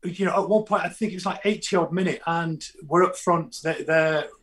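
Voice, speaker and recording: A man, a football fan guest telling animated stories in casual chat, often restarting his sentences. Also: a little high, fairly quick. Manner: animated storytelling, frequent restarts.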